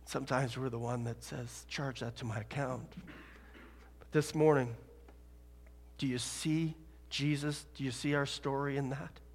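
A man preaching a sermon in a church, dramatic, dropping to a hush and rising loud. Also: medium pitch, fairly even intonation, moderate pace, a little hiss or hum. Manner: dramatic, swings from hushed to loud. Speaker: pastor. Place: church sanctuary. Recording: long hall reverb.

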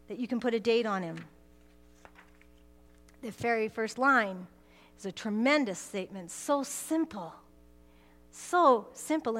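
A woman preaching a sermon in an earnest way, building to forceful emphasis, with frequent restarts. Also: on the high side. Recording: long hall reverb.

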